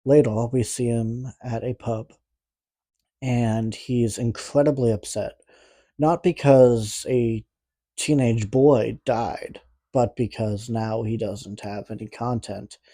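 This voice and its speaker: Slow-talking man with a speech impediment. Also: medium pitch, steady tone, dark tone, dry recording. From Canada. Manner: rambling, profane, sarcastic asides. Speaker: movie reviewer. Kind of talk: casual movie recap.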